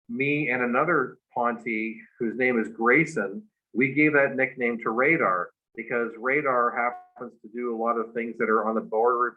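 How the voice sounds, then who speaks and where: A man, a guest in an interview, telling a long personal story, halting with many fillers and restarts and laughing along. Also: mid-range voice, phone-quality sound.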